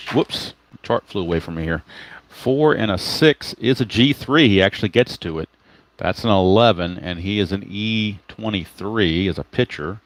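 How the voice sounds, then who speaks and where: Low-voiced man calling dice-rolled baseball. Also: no room sound. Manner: relaxed, explains dice rolls and player cards as he plays; greets live chat viewers mid-game. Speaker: tabletop baseball game host. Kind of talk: livestreamed play-by-play of a dice baseball game.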